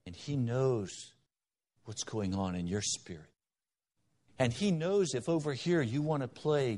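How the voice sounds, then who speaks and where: A man's voice: mid-range voice, a little mellow. A middle-aged man preaching a sermon, moving from stern warnings to storytelling. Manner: earnest, shifting between stern warning and storytelling. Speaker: pastor.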